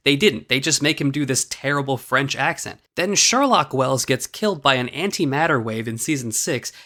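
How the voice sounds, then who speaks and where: A man's voice: mid-range voice, sharp tone. A man hosting a commentary video, talking in a sarcastic, exasperated way and swearing freely. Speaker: video essay host.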